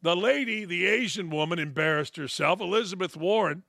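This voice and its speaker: Brash, gravelly-voiced male sports talk host. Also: high voice, expressive, a little fast, fairly bright tone, no room sound, studio quality. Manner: brash, blunt, profane ranting; mocks others with sarcastic put-on quotes. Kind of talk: opinionated sports talk monologue.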